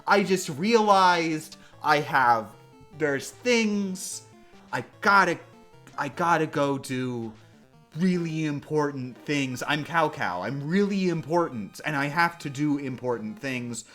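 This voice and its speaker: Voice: mid-range voice, animated, a little slow, fairly bright tone, soft background music. A streamer hamming up a bragging warlord. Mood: flustered. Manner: smug, bragging, flustered when caught out. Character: boastful self-important male warlord. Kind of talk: comic retelling with put-on voices.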